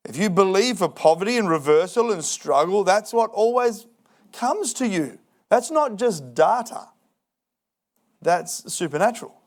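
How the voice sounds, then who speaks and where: A man's voice: high-pitched, unhurried. A man preaching a sermon in a church, joking and acting out people's excuses. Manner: lively, jokey preaching with acted-out excuses. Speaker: pastor. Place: church hall.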